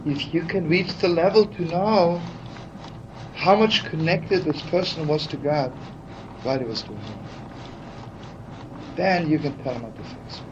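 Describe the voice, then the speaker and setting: A man telling stories in a heartfelt, chatty sermon, full of "you know" asides. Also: fairly high pitch. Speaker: rabbi teaching. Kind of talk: storytelling sermon. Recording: dull archival recording with faint hiss.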